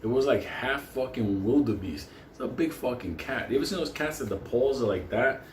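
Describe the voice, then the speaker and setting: A man's voice: medium pitch, fairly quick, a little hiss or hum. A man telling a story casually, swearing often and laughing through it. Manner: profane, laughing, animated. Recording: echoey room with faint ambience.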